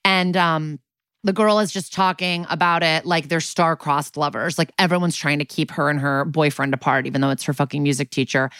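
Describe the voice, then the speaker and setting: A woman with a fairly low voice, recapping a show in a loose, chatty way and leaning on "like" as she goes. She swears casually, and the close mic sounds dry. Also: fairly even intonation, fairly quick, fairly bright tone, smooth, no room sound. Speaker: podcast co-host.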